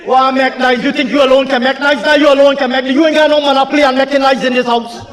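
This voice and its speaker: Speaking quickly in a very high, slightly bright voice with level intonation, a male Guyanese minister taunts his opponents in a fiery, repetitive parliamentary address. Long reverb fills the chamber, with faint crowd murmuring underneath.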